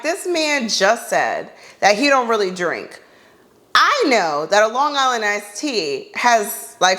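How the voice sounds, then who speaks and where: A woman podcast host telling a funny dating story in a casual way, acting out her own lines with blunt, exasperated asides. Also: mid-range voice. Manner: animated, acts out her own reactions in dialogue.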